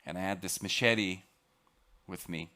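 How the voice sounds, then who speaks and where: A man with a French accent giving a dramatic, emphatic storytelling lecture aboard a ship, sometimes halting and repeating words. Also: deep voice, pushed and bright. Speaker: expedition lecturer.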